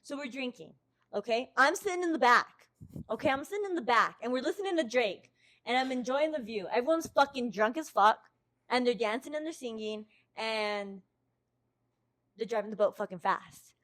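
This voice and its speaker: A woman's voice: fairly high pitch, animated, moderate pace, fairly bright tone. A young woman from the United States, hosting a podcast and telling a story casually, swearing constantly and acting out her own quotes. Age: young adult. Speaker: podcast host.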